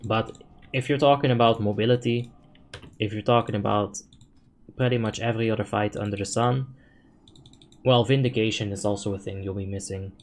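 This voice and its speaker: A man streaming a game live, answering chat questions in a relaxed, talkative way and swearing now and then when a play goes wrong. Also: on the low side, brisk, long pauses. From Netherlands. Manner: relaxed, chatty, thinks out loud, swears when frustrated.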